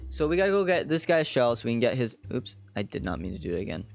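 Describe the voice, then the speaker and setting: A man's voice: mid-range voice, big pitch swings, fast, gravelly, soft background music. A young man streaming a game, giving laid-back, slangy casual commentary.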